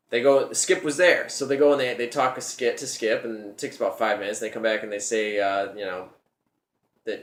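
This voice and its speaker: A man's voice: fairly low pitch, echoey room. A man hosting his own show, telling a personal story in a rambling, casual way, often repeating his words as he goes.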